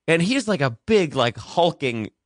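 A man's voice: a little high, a little slow, no room sound, clean studio sound. A young man hosting a casual comedic radio show, telling stories and acting out the people in them. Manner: animated storyteller, acts out quotes.

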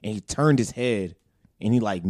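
A man's voice: lowish voice, moderate pace, a little mellow, no room sound, clean studio sound. A man in laid-back casual chat with friends, his voice dropping as he trails off.

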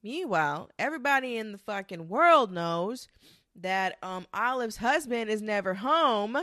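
Sassy young woman venting to camera, profane and animated, dry close recording. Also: mid-range voice, unhurried, no room sound. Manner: sassy, profane, animated storytelling with mocking quoted voices. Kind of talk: ranting commentary monologue.

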